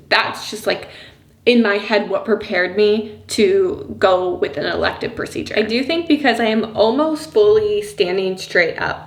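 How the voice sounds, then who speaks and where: Woman vlogger, mother of a young kid, casual and rambling with lots of fillers, middle pitch, echoey room. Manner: chatty and rambling, many "like" and "you know" fillers; laughs softly between thoughts. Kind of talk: casual personal vlog talk. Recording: roomy echo.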